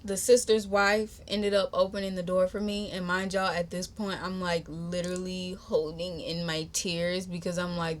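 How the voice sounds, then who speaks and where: A young woman hosting a podcast, telling a personal story in a chatty, animated, slangy way and talking straight to her listeners. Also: lowish voice, moderate pace, few pauses. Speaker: podcast host. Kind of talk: casual storytime.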